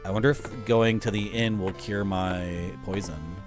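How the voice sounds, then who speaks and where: A man's voice: on the low side, fairly even intonation, measured pace, faint music behind. A man streaming a video game and chatting casually, with wry asides to his viewers. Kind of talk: casual gameplay commentary.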